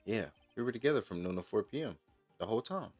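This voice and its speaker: A gamer reading as a fast-talking boastful film director. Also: male voice, lowish voice, lively intonation, a little mellow, breathy edge, soft background music, pitched above the performer's own voice. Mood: breezy.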